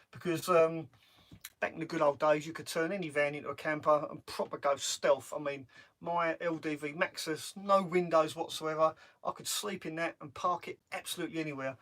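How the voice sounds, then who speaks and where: A man's voice: a little high, fairly even intonation, brisk, a bit bright. A middle-aged man chatting casually on a live stream from his camper van, rambling and laughing often. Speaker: van-life vlogger. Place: parked camper van on a driveway.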